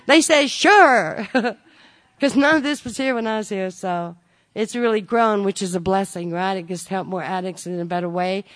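A woman's voice: medium pitch, normal speed. A woman sharing her recovery story with a group. She speaks in a folksy, joking way. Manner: folksy and joking, with frequent "you know" and "y'all". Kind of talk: personal testimony to a recovery group.

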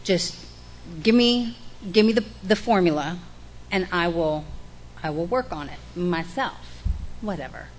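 A woman's voice: fairly low pitch, animated, unhurried, long pauses, a little hiss or hum. Frank, wry woman telling her story. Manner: frank and profane, self-mocking, acts out quoted voices. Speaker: speaker sharing her recovery story at a meeting. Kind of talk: candid personal testimony.

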